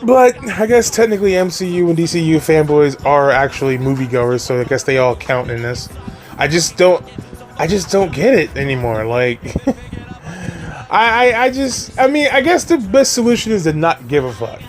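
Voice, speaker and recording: A man with a high voice rants in a loose, unscripted way, swearing freely and breaking into laughs. He trips over his words and starts sentences again. Faint music plays underneath. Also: expressive, normal speed. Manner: exasperated, profane, laughs often, repeats and restarts. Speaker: movie commentary vlogger. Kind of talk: casual ranting commentary.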